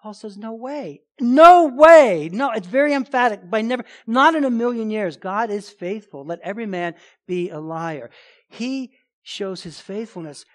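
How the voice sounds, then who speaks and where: High-voiced man preaching emphatically. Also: moderate pace. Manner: emphatic preaching with rhetorical questions and sudden loud bursts; casual asides like "man" and "right?". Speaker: pastor. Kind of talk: sermon.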